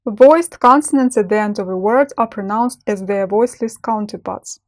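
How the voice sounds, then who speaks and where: A woman teaching a language lesson, pronouncing each example slowly and distinctly as a model for learners. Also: mid-range voice. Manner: slow, clearly enunciated model pronunciation.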